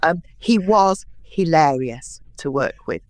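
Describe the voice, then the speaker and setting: A woman in her sixties, a guest in an interview, telling anecdotes in a lively way and acting out what others said. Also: deep voice, slow pace. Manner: lively anecdotal storyteller, acts out quotes. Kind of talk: interview storytelling.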